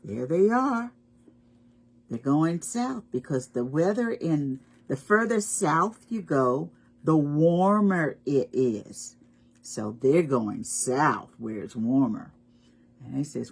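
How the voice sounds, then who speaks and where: A woman reading a picture book aloud to preschoolers, animated and asking the children questions. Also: deep voice, slow pace, gravelly, breathy edge. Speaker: storytime reader.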